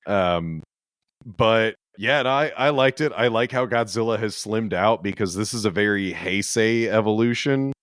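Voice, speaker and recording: A lower-pitched man talking through a film in a relaxed podcast chat, pausing and restarting as he thinks aloud. The sound is close and dry. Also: no echo. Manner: relaxed, hesitant, many fillers. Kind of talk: casual movie review chat.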